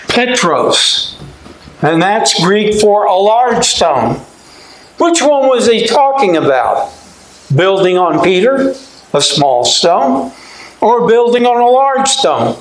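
High-voiced slow preaching man, echoey. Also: lively intonation. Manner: preaching, repeats "my friend" and "today"; rises to shouts at high points. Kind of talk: sermon.

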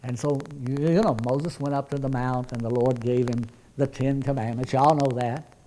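A man's voice: medium pitch, fairly even intonation, moderate pace, warm tone, a little hiss or hum, low-quality recording. A man preaching a sermon as pastor, earnest and conversational, often restarting his words.

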